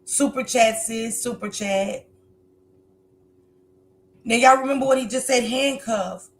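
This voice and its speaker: A woman with a slightly high voice speaks at a measured pace while hosting a livestream of casual commentary. An adult with a grown son, she addresses her viewers directly in an emotional, preachy way.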